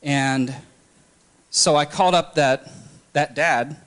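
A young man telling his personal story candidly, halting often with restarts and fillers. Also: fairly high pitch, a bit bright, clear, resonant tone. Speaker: testimony speaker. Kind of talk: personal testimony talk.

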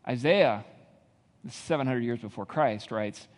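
A male pastor delivers a sermon in a mid-pitched voice and builds up to emphatic rhetorical questions. His voice carries a long reverb, as if he is speaking in a large hall. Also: lively intonation, unhurried.

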